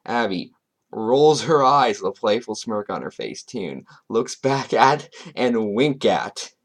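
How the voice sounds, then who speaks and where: A man's voice: lowish voice, expressive, slow. A man doing a commentary vlog, reading chat logs aloud and breaking in with sarcastic, chuckling asides. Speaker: commentary YouTuber.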